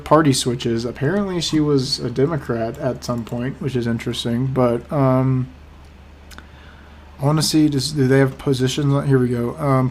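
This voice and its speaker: A young man giving casual reaction commentary, excitable, swearing and laughing as he talks. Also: a little high. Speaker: reaction streamer.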